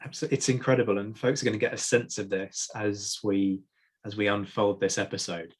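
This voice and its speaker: A man's voice: lowish voice, level tone, fairly quick, breathy edge. A man hosting a history podcast, talking in an enthusiastic, chatty way with frequent restarts. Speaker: podcast host. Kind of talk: casual podcast chat.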